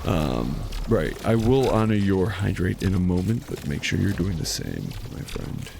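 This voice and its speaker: Man, low gravelly voice, sarcastic, rambling game-stream chat, game music underneath. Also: big pitch swings, moderate pace, background noise. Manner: sarcastic, rambling with many restarts. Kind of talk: casual gaming stream chat.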